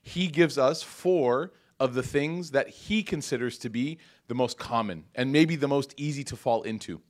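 A man's voice: medium pitch, moderate pace. A man giving a casual religious lecture to a live audience in a mosque hall, talking conversationally with many fillers and restarts. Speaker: Islamic lecturer.

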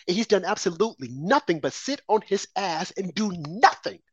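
Man, fired-up sarcastic pundit, very animated delivery, dull dry audio. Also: high-pitched, a little fast, few pauses, breathy edge, dry recording. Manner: indignant, sarcastic, rising to shouts. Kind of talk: heated political commentary.

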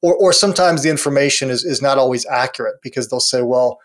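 A man's voice: mid-range voice, fast talker. A middle-aged man co-hosting a business podcast, talking casually with restarts and short laughs. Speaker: podcast co-host.

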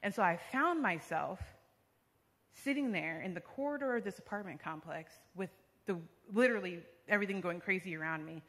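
Young woman, bright and forceful, sharing a storytelling testimony in a reverberant sanctuary. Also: lowish voice, fairly quick. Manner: vivid storyteller, frequent fillers like "like" and "um". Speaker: church member giving testimony. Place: church sanctuary. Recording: long reverb of a large hall.

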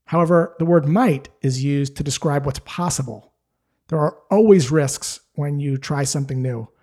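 Man, sales coach, scripted lesson, slightly high pitch, soft mellow tone, steady explaining. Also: normal speed. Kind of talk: scripted instructional talk.

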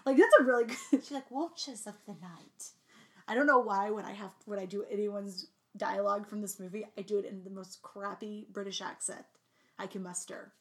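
A young woman co-hosting a casual movie recap podcast, animated and laughing, mimicking lines in exaggerated voices. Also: mid-range voice, a little fast. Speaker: podcast co-host.

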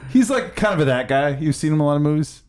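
A man's voice: on the high side, expressive, fast, a little mellow. A man in casual podcast chat, joking and playful.

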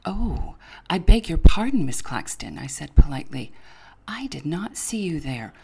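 A woman's voice: sits low, big pitch swings, normal speed, gravelly, mellow, slightly rough, heavily acted. A woman reading as a witty young teacher. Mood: arch. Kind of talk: dramatic reading of a journal entry.

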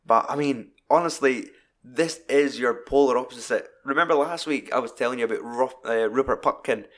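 A man's voice: medium pitch, a little fast. Sweary Scottish man reviewing a film. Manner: sweary, animated storytelling. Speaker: podcast host. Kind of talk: casual film review chat.

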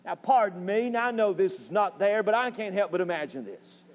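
A man preaching an impassioned sermon as pastor, rising to shouts at its peaks. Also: high-pitched, lively intonation, fairly quick. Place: church sanctuary. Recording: church hall reverb.

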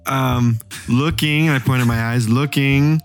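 A man playing a tabletop game, describing his actions in a halting, restarting way. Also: medium pitch, steady tone. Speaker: player. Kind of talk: casual tabletop play.

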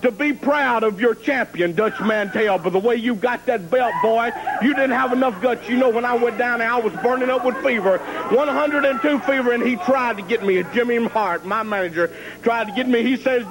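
A man's voice: very high-pitched, fairly quick, hardly any pauses, rough recording. A man cutting a boastful, taunting wrestling promo in rhyming, preacher-like brags, heard from an archive TV clip. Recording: archive TV clip with cheering crowd.

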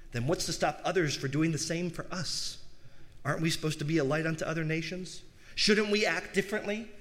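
A man delivering a sermon, asking the congregation rhetorical questions and swinging between soft low asides and raised emphatic peaks. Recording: long hall reverb.

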